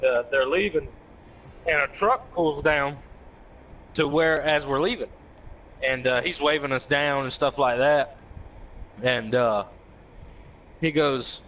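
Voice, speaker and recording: Guy telling a wild story, swears a lot, slightly high voice, does the quotes loud. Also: a little hiss or hum, rough recording. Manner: animated, profane, acts out quotes in raised voices. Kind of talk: casual storytelling with friends.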